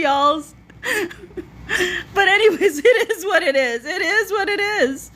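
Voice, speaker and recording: A woman's voice: extremely high pitch, expressive, slow pace, a bit bright. A woman hosting a casual live stream from her phone, laughing to tears while reading viewer comments aloud. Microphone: phone front camera.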